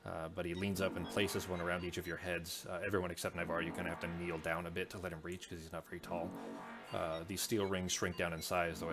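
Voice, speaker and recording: Sex: man. Role: game master. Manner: rambling. Pace: fast. Behind: music. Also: sits low. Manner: rambling, with fillers and restarts. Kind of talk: narrating a tabletop game.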